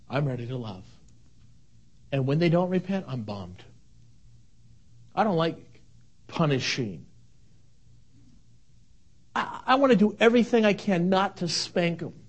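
High-voiced, fervent male preacher. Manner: swings from hushed near-whisper to fervent shouting; emphatic, repeats key words. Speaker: pastor; father of young sons. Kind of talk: sermon.

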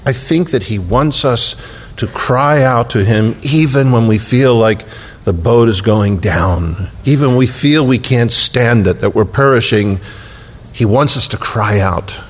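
A man preaching a sermon as pastor, telling the story with humor and acting out the voices of the people in it. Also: medium pitch.

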